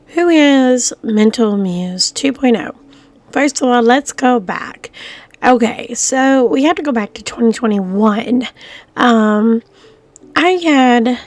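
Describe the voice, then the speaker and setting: A middle-aged woman talks to her viewers in a loose, rambling way. She fills her speech with ums and restarts. Her voice sounds groggy from coughing, sits a bit high, and is recorded dry and close. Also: a little mellow, no room sound. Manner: rambling, many fillers and restarts. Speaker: vlogger. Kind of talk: casual rambling talk to camera.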